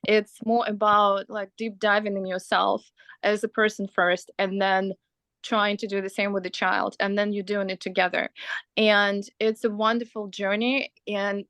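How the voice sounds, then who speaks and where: A woman's voice: mid-range voice, level tone, a little slow, a bit bright, clean tone, no echo. A woman co-hosting a parenting course on a video call, speaking in a reassuring, casual teaching manner.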